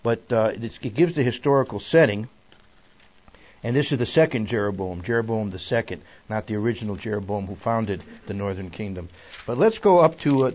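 An older man teaching an informal Bible lesson in a folksy, digressive way, chuckling at his own stories. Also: mid-range voice. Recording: dull lo-fi recording.

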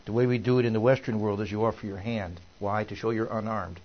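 A man delivers a rambling, folksy sermon, full of fillers and false starts. His voice sits on the low side. The recording sounds dull and lo-fi. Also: steady tone, quick pace. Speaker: minister.

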